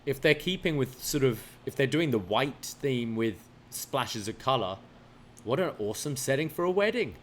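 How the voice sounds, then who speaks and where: A man's voice: mid-range voice, animated, normal speed, fairly bright tone, slight background noise. A man co-hosting a podcast in casual chat, laying out his opinions in a thoughtful, explaining way. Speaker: podcast co-host.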